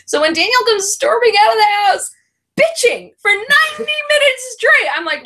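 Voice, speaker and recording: A woman's voice: very high-pitched, moderate pace, slight background noise. A middle-aged woman co-hosting a casual chat about reality TV, telling stories with lots of laughter. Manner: giggly, animated storytelling. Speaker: co-host.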